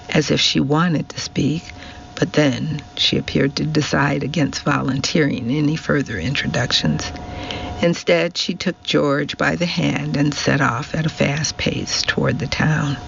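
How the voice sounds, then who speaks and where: A man narrating a novel in an unhurried, even reading voice. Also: fairly high pitch, vocal fry. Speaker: audiobook narrator. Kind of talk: scripted narration. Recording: dull recording with faint hiss.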